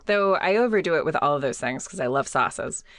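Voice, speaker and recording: A young woman with a fairly low voice chats casually, rambling and laughing, stacking up "like" and restarts as she goes. The sound is dry and close, with no room around her. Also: animated, a little fast, no room sound. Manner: giggly, rambling, lots of "like" and restarts. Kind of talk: casual chat.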